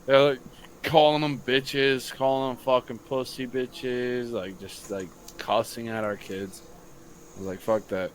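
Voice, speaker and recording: A young man, a high school football coach, telling a long story on a casual late-night podcast, swearing freely and acting out what others said. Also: a little slow, a little hiss or hum. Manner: profane, animated storytelling.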